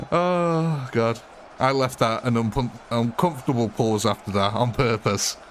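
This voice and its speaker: A man's voice: medium pitch, slow, slight background noise. A British man with a mid-range voice chats casually on a gaming live stream. He jokes a lot and answers viewers by name. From Britain. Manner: joking, chatty, answers chat by name. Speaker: game streamer.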